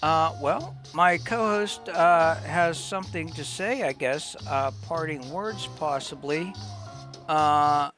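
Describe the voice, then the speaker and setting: A man hosting a casual livestream, chatting excitably and breaking into laughter and squeals. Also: on the high side, slow, soft background music. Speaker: livestream host.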